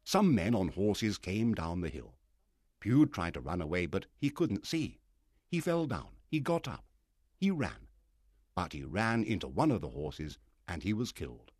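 A man narrating a storybook with a low, husky voice that rises and falls widely as he reads. the sound is dry and close, with no room around it. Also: very animated, measured pace, darkish tone, dry recording. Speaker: audiobook narrator. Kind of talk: storybook reading.

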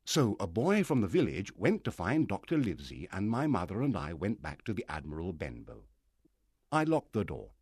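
A man narrating a storybook with a low, husky voice that rises and falls widely as he reads. the sound is dry and close, with no room around it. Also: huge pitch swings, normal speed, a little mellow, no echo. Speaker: audiobook narrator. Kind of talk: storybook reading.

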